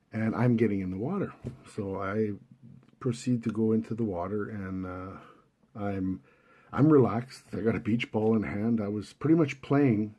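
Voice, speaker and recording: A man with a low, husky voice tells a dream to his viewers in a loose, rambling way. His tone is dark and mellow, and he stops often for fillers and restarts, then reads short verses in a slower, steadier voice. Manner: relaxed, rambling, with frequent fillers and self-corrections. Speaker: video host recounting dreams. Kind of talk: casual monologue retelling a dream.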